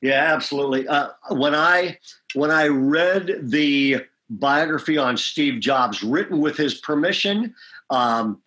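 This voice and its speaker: Brief: male pastor, slightly high voice, emphatic, drives points home with "okay?". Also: lively intonation, slow, pushed and bright. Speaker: pastor and leader. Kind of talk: leadership interview.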